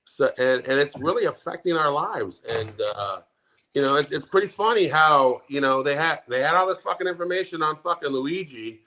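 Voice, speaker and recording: Bright-voiced middle-aged man ranting. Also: fairly high pitch, lively intonation, normal speed. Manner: angry, profane ranting. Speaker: podcast co-host. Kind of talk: profane casual chat.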